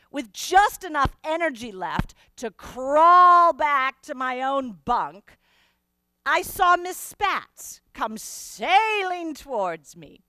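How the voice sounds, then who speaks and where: A woman performing a first-person historical monologue in character, telling her story in a slow, deliberate, expressive way. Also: high-pitched, no echo.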